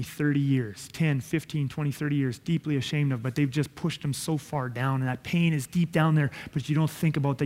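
A man's voice: a little high, in a large hall. A man preaching a sermon as pastor, earnest and conversational, with self-deprecating asides.

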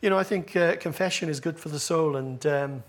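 Speaking briskly in a fairly high voice, a male pastor gives a sermon to his congregation. His self-deprecating humor draws laughter from the churchgoers around him.

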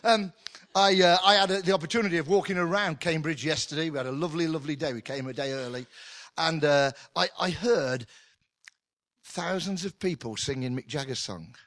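Middle-aged male pastor, animated conversational sermon, slightly high voice. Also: fairly quick, no room sound. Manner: animated, conversational preaching with humour.

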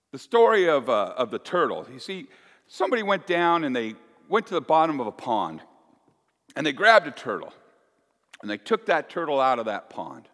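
A male pastor giving a folksy, animated sermon with playful asides to the congregation. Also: lowish voice. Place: church. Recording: echoey church hall.

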